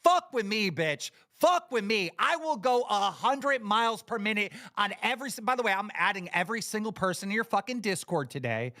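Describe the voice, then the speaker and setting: Furious high-voiced man ranting. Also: expressive, fairly quick, few pauses, bright, forceful tone. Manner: angry, profane, emphatic. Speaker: livestream host. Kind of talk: heated livestream rant.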